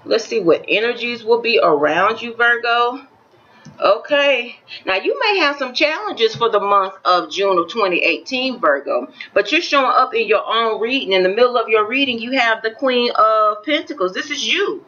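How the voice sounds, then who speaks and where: A woman's voice: a little high, lively intonation, moderate pace, bright, forceful tone, highs cut off. A woman with a Florida accent, chatting to her viewers and giving a tarot reading in an upbeat, chatty way. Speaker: tarot reader. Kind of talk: casual tarot reading to camera.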